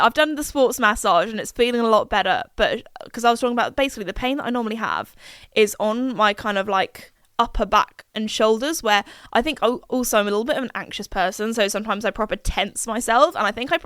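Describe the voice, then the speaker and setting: A woman's voice: on the high side, a bit bright, dry recording, clean studio sound. Chatty young woman podcaster. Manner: chatty and rambling, many fillers. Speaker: podcast host. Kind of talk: casual chat.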